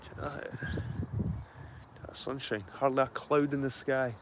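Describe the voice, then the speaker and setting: A man's voice: medium pitch, level tone, a little slow, noisy background. Middle-aged man, rambling and sweary. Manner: rambling, sweary, matter-of-fact. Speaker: livestreaming vlogger. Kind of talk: casual chat to live viewers. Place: outdoors at a garden allotment.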